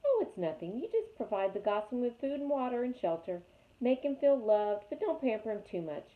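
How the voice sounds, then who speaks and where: A woman's voice: on the high side, very animated, voice pushed up. Woman doing a bossy scolding old goose. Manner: brisk, scolding, squawking. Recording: tinny phone-like sound.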